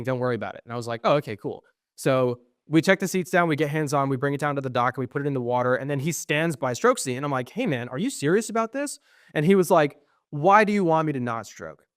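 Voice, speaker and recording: A man's voice: medium pitch, quick pace, no room sound. Young man telling a story, dry sound. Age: young adult. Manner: animated storyteller, acts out quoted exchanges, frequent ums; swears when frustrated. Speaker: podcast co-host. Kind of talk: casual storytelling chat.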